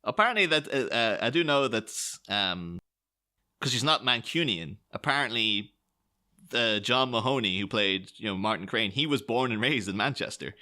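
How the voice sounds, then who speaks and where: A podcast co-host chats casually about film, rambling enthusiastically and restarting often. His medium-pitched voice is bright and forceful, with lively intonation and a moderate pace.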